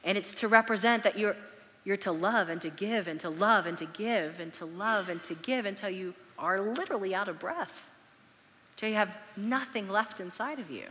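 Bright, emphatic woman preaching in a hall. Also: mid-range voice, moderate pace. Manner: earnest, emphatic, drawing words out for stress. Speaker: pastor. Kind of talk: sermon.

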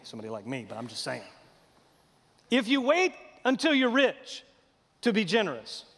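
A man with a Texan accent, preaching a sermon, moving from loud proclaiming to quiet confiding. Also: medium pitch, big-room sound.

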